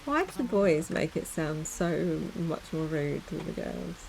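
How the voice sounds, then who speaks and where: Chatty woman with a gravelly low voice. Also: sing-song, unhurried, a little mellow, slight background noise. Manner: chatty, giggly, rambling asides. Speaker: streamer. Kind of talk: casual let's-play commentary.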